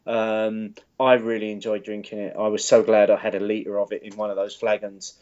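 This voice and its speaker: A man's voice: on the low side, monotone, moderate pace, darkish tone. A man co-hosting a beer podcast, rambling enthusiastically with lots of ums and restarts. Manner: enthusiastic, rambling with many fillers. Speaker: podcast co-host. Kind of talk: casual beer podcast chat. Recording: dull lo-fi podcast audio.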